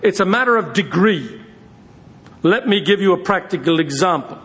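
A man voicing a patient father who gently explains things to his young daughter. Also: high voice, animated, normal speed. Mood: gentle.

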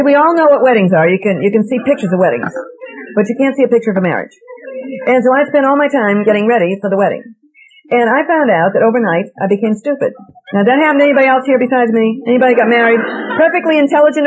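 A woman's voice: a little high, fast talker, rough recording. A woman from Massachusetts with a Boston accent, telling a wry, self-mocking personal story to a live audience and asking them direct questions. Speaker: speaker addressing an audience.

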